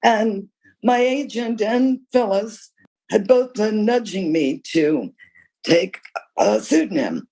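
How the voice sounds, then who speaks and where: A woman's voice: medium pitch, slow, poor audio. An older woman answering interview questions, candid and emphatic, telling stories from her career. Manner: candid, emphatic, with lively storytelling. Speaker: guest author.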